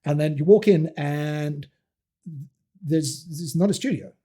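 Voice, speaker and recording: South African actor telling lively anecdotes. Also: male voice, on the high side, measured pace. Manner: animated anecdotes with frequent restarts and laughs. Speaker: podcast guest, actor. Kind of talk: casual interview storytelling.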